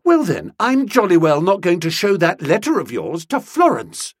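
A man voicing a spirited young woman who speaks in a shrill, emphatic, pert way. It is an audiobook reading. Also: very animated, normal speed, darkish tone, slightly rough, no room sound, clean studio sound, exaggerated voice. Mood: indignant.

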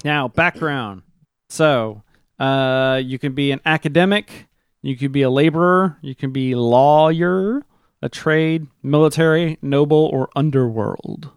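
Smooth-voiced male game master, casual. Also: a little high, dry recording, studio quality. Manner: casual, halting, with many fillers. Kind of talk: explaining game rules to players.

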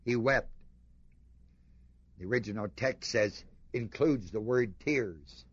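A man preaching a sermon, reading scripture aloud and commenting on it with emphatic rhetorical questions, dropping to a hush and then rising with fervor. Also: lowish voice, a little slow, pauses often, husky, dry recording, lo-fi sound. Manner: emphatic, rhetorical questions to the congregation, swings between hushed and fervent.

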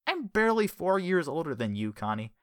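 A woman voicing a soft-spoken, subdued grown man. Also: low voice, sing-song, a little fast, dry recording, studio quality, pitched above the performer's own voice. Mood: wry. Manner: quiet, subdued. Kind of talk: audiobook character voice.

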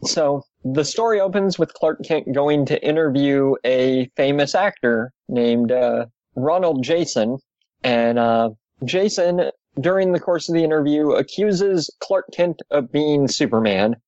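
A man's voice: a little high, unhurried, dry recording, dull audio. A man casually recapping an old comic book story on a podcast, with dry asides. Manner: steady summarizing, dry asides. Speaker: podcast host.

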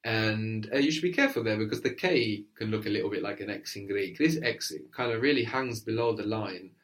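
Low-voiced male teacher who coaches patiently through question and answer. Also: fairly quick, a bit bright. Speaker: language teacher. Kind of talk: guided language lesson.

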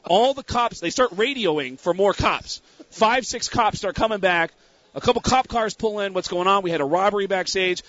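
A man telling a story in casual talk, lively and quick to act out the other people's lines. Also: high voice, dry recording. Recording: dull lo-fi sound.

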